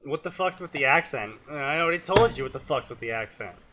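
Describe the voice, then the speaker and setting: A man's voice: a little high, expressive, fast talker, bright, forceful tone, a little hiss or hum. A man co-hosting a comedic fanfiction reading, brash and swearing. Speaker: fanfiction reader and co-host.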